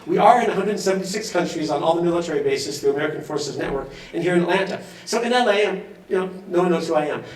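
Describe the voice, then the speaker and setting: A man's voice: sits high, animated, fast, hardly any pauses. A man from Los Angeles giving a chatty, enthusiastic acceptance speech, laughing often. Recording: echoey hall, voice from far off.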